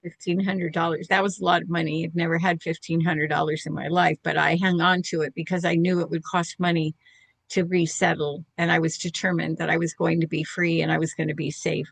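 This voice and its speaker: An older woman with a lowish, gravelly voice tells a personal story in a candid, self-deprecating way. The sound is close and dry. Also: little pitch movement, brisk, dry recording. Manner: candid, self-deprecating, laughs while telling.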